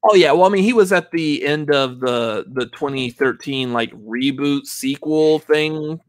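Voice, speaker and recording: A man's voice: fairly high pitch, unhurried, no room sound. Chatty man co-hosting a movie show. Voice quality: chatty, filler-heavy, laughs often. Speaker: movie podcast co-host. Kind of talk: casual live-stream chat.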